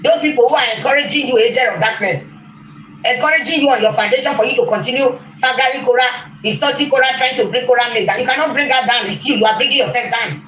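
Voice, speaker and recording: A woman's voice: fairly high pitch, fast, fairly bright tone. A woman on a livestream, scolding and insulting a rival over and over. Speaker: rival online commentator. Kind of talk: clip of a livestream rant. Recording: echoey room with faint noise.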